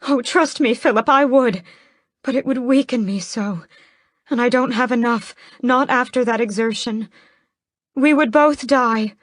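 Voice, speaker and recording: A woman's voice: high voice, takes it slowly, darkish tone, no echo, clean studio sound, pitched above the performer's own voice. A woman voicing a grand, manipulative vampire mother in an audiobook, theatrical and dramatic. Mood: grand, haughty. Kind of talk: audiobook character voice.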